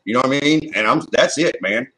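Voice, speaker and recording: A man with a husky, slightly rough voice and an ordinary middle pitch talks in a casual chat. He rants bluntly and heatedly, swears freely, and keeps checking in with "you know what I mean". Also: animated, quick pace, a bit bright, rough recording. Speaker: co-host.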